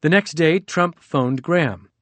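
A man's voice: fairly high pitch, measured pace, fairly bright tone, no room sound. Man with a dry, close narrating voice. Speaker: audiobook narrator. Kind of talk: nonfiction audiobook narration.

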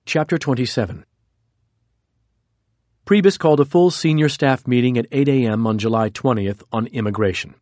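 A man's voice: medium pitch, moderate pace, pauses often, a little mellow, dry recording. Man narrating an audiobook, dry sound. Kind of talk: scripted narration.

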